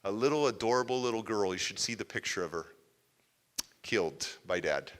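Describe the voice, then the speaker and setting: A man giving a motivational talk in a large hall, telling a story in an animated way. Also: fairly low pitch, a little fast. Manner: animated, acts out scenes. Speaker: motivational speaker. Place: large civic center hall, live audience.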